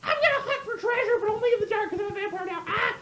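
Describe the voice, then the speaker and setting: A man's voice: extremely high pitch, rapid-fire, sharp tone, roomy sound, slight background noise, voice pushed up. A man putting on the voice of a young female vampire schoolgirl, squealing and breathless. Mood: giddy.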